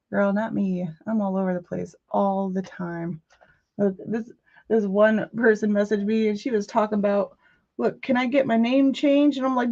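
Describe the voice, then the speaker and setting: A woman hosting a casual craft live stream, telling stories in an animated way and chatting back to viewer messages. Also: mid-range voice, creaky. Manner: animated storytelling, quick asides to chat messages. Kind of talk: casual chat. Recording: muffled lo-fi audio.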